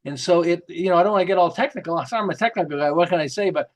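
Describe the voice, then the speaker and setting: A middle-aged man, a marketing author, telling lively stories in an interview and acting out the quotes. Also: sits high, very fast. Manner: lively, jokey, acts out quotes with laughs. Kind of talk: animated storytelling interview.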